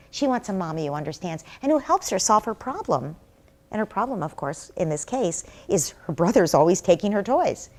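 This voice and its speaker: Answering an interviewer's questions, a middle-aged parenting expert speaks earnestly in a medium-pitched, darkish voice. Her conversational advice runs through everyday examples, which she acts out as dialogues.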